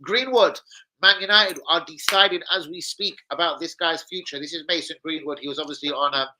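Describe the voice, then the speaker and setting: A man's voice: on the high side, a little fast, bright, forceful tone, slight background noise, poor audio. A man hosting a football fan channel, hyper and slangy, swearing freely through casual chat and a transfer news roundup.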